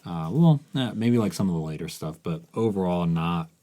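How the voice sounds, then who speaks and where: A man's voice: low-pitched, lively intonation, moderate pace, dark tone. A man co-hosting a music podcast, talking hesitantly in casual chat and often trailing off. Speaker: podcast co-host.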